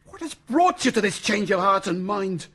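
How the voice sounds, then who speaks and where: A man's voice: sits high, big pitch swings, moderate pace, crowd noise. An actor playing an earnest young Royalist officer who pleads passionately for his faith and king, in a 1970s radio drama. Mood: anguished. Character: young Royalist officer, devout, principled, torn.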